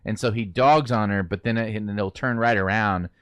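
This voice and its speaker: A man casually chatting as a movie podcast co-host, rambling in an animated way. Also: lowish voice, fairly quick, smooth, dry recording.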